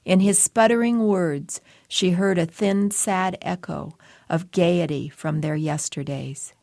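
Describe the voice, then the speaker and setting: A woman reading a literary story aloud, measured and quiet in her delivery. Her voice is low with a gravelly edge, and the recording is dry and close to the mic. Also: dry recording. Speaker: story reader.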